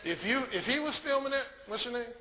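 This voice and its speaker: A man giving a live conference talk as a dating coach, telling crude stories in an animated way. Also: very high-pitched, a little fast, background noise.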